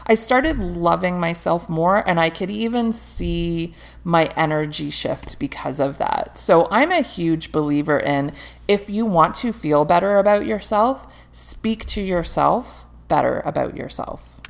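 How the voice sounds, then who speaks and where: A woman's voice: lowish voice, unhurried, gravelly. A woman guest in casual podcast chat, talking candidly with frequent laughter and the odd swear word.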